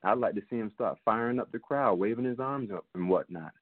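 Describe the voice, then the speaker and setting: A man's voice: on the low side, a little fast, no echo. Heated man ranting on a phone line. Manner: heated, ranting with rising emphasis. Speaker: podcast co-host. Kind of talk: casual sports talk. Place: home basement. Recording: tinny phone-line sound.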